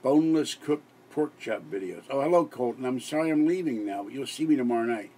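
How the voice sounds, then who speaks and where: A man's voice: mid-range voice, expressive, a little fast, dark tone. An exhausted older man who hosts a live stream, rambling and giggling with many restarts late at night. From Pittsburgh area. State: exhausted, sleep-deprived.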